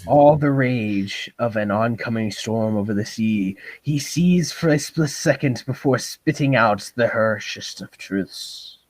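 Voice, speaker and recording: A man on a comedy podcast reading a reddit story aloud in a low, grave tone, his mic sounding distant at times. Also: a little slow, hardly any pauses, no room sound. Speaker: podcast co-host and story reader. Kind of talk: casual podcast chat and dramatic story reading.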